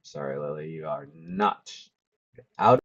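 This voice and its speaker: A man's voice: extremely low pitch, takes it slowly, breathy edge, muffled recording. A man live-streaming, giving wry, teasing commentary in a casual chat.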